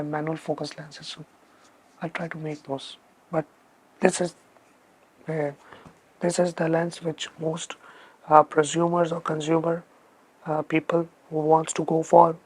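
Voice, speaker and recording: Gravelly, slow-talking man. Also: a little high. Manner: emphatic, repeats words for stress. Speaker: photography channel host. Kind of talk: casual spoken lens review.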